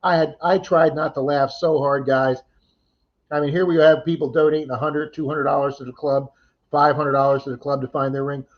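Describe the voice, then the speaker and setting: A chatty man with a fairly high voice hosts a relaxed morning livestream, greeting and thanking viewers one after another. The sound comes through dull and lo-fi. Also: fairly quick. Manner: chatty, thanks viewers by name, laughs easily. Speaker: livestream host. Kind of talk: casual chat reading viewer comments.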